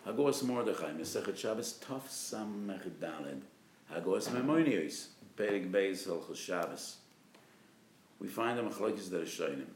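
A low-pitched man lectures as a rabbi, his voice swinging widely as he presses each point with loud stresses. He slips into quoted voices for patients and doctors. The sound is roomy and echoey, with a faint hiss underneath. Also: expressive, normal speed. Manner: emphatic, rising to loud stresses on key terms. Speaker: rabbi giving a legal lecture. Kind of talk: spirited lecture on religious law.

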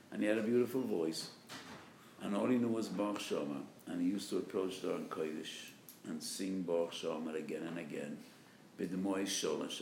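A low, gravelly male voice preaches an impassioned Torah sermon. He speaks as a rabbi, and his voice swells to emphatic peaks. The recording carries the echo of a roomy space with a faint hiss underneath. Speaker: rabbi giving a Torah lecture.

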